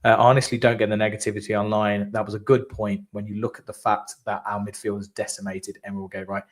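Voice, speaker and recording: A man's voice: on the low side, level tone, fast. A man co-hosting a live post-match fan chat, talking casually and animatedly, with the odd swear. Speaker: fan channel co-host.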